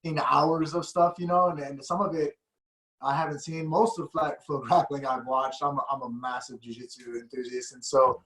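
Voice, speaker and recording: A man's voice: medium pitch, flat delivery, normal speed, fairly bright tone. A man hosting a podcast, telling rambling stories in a casual chat and laughing often. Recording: echoey room.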